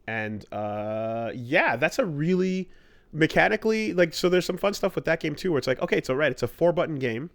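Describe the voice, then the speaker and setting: A man's voice: a little high, expressive, fairly quick. A man co-hosting a podcast in casual chat, rambling with lots of fillers as he explains game mechanics. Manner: rambling, filler-heavy, enthusiastic about fighting games. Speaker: podcast co-host.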